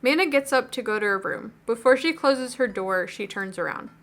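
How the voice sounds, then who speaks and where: A woman's voice: a little high, animated, fairly quick, a bit bright. A woman gaming streamer reading a visual novel aloud in a playful, amused way.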